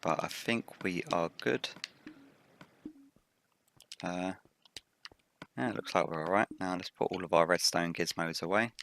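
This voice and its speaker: A man hosting a game let's play, relaxed and thinking aloud while he builds, his voice a little rough from the early morning. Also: low voice, measured pace, long pauses, slight background noise. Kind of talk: casual gameplay commentary.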